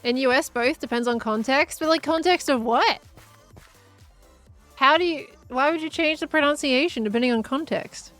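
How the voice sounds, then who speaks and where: A woman's voice: sits high, normal speed, fairly bright tone, soft background music. A young woman chatting casually while streaming a game, musing aloud and laughing often. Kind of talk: casual live-stream chat while gaming.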